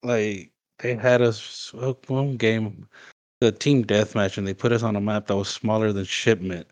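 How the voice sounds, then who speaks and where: A man's voice: fairly low pitch, fairly even intonation, measured pace, a little mellow. A man in casual podcast chat, bluntly complaining about a video game. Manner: blunt, complaining gamer talk.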